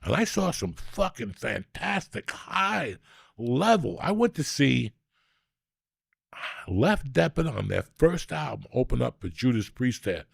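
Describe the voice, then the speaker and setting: A man's voice: medium pitch, sing-song, unhurried, creaky, slightly rough, dry recording, clean studio sound. A man in his sixties hosting a podcast, telling rambling, profane stories and teasing his co-host. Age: 60s. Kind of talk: casual chat and storytelling.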